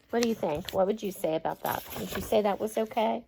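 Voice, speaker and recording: A woman reading a picture book aloud to young children, gentle and expressive, chatting with them between pages. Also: mid-range voice, fast, gravelly, hardly any pauses, breathy edge. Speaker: storyteller.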